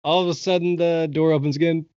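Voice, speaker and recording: A young man hosting a podcast, telling a long story in an excited, casual way and swearing freely. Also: a little high, fast, clean tone, no echo, lo-fi sound. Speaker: podcast host. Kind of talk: casual chat.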